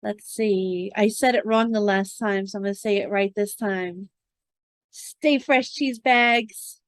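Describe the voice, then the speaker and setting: A woman's voice: medium pitch, level tone, moderate pace, a little mellow, no echo, clean studio sound. A woman co-hosting a podcast, chatting in a playful, giggly way. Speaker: podcast co-host. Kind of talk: casual chat.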